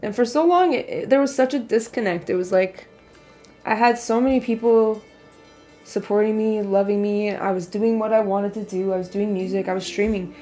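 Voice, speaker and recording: A young woman talks openly on a live stream, confiding and heartfelt, her voice sitting at an ordinary middle pitch. Soft music plays faintly behind her. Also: normal speed. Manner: candid, emotional, confiding. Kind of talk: casual livestream chat.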